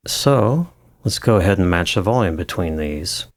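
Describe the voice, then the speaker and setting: A man with a low voice explains audio editing in a relaxed tutorial, with many fillers and restarts. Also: normal speed, no room sound, clean studio sound. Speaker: audio engineer teaching. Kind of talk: screen-recorded tutorial.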